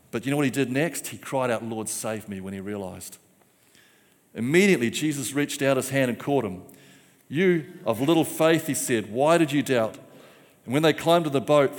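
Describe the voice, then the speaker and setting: A male preacher delivering a rousing sermon, leading his congregation in repeated call-and-response lines. His voice sits at an ordinary middle pitch and rings out with a long reverb that fills the church hall.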